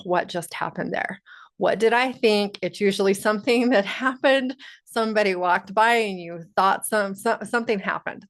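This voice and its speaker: A woman empowerment coach talking straight to her viewers in a motivational video, earnest and encouraging. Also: medium pitch.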